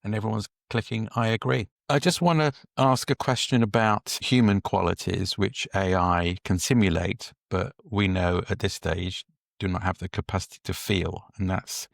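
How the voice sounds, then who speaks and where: Very deep gravelly-voiced male host. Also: moderate pace, no room sound, studio quality. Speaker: podcast host. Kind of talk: interview questions.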